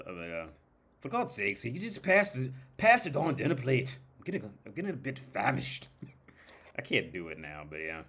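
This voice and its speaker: A man's voice: sits low, a bit bright. An American man in casual livestream chat, rambling and swearing with frequent restarts.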